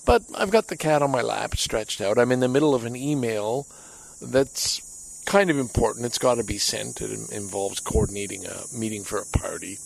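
A man speaks in a relaxed personal monologue from the deck of his home. His voice is gravelly with a noticeable fry at the bottom, and his pitch sits in an ordinary middle range. He rambles candidly and is hard on himself. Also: normal speed, slight background noise, low-quality recording. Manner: candid, self-critical, rambling.

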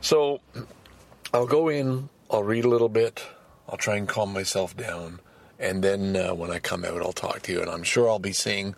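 A man recording a personal audio diary as a podcaster, talking frankly in a halting way, repeating words and restarting his sentences. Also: fairly low pitch, gravelly, dry recording.

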